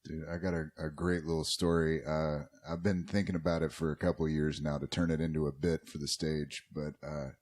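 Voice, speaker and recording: A man's voice: rumbling low, flat delivery, brisk, few pauses, darkish tone. A man hosting a podcast, telling a long story in a rambling, profane, casual way. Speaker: podcast host.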